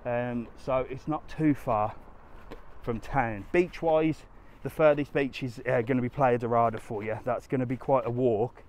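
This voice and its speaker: A man's voice: mid-range voice, steady tone, a little slow, darkish tone. Chatty man vlogging while walking. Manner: chatty, down-to-earth, answers viewer questions while walking. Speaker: travel vlogger answering live chat. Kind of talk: casual live-stream walking vlog. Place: outdoors on a sunny seaside resort street.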